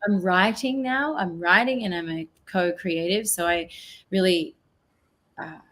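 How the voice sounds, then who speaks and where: A woman's voice: fairly low pitch, unhurried, a bit bright. A woman with an Australian accent, a guest on an online talk show, talking earnestly and reflectively and trailing off mid-sentence. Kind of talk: casual interview chat. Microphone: video call.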